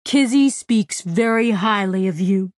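Huge friendly frontier mechanic, booming and hearty, voiced by a woman. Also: unhurried, dry recording, studio quality, close to an everyday voice. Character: big friendly hairy frontier mechanic man.

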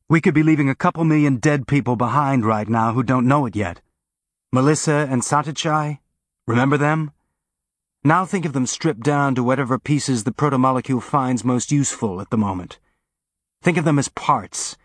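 A man's voice: medium pitch, dry recording, pitched above the performer's own voice, lightly acted. An intense, driven spaceship captain, voiced by a male audiobook reader close to his own voice, urgent and heated in his talk. The sound is close and dry.

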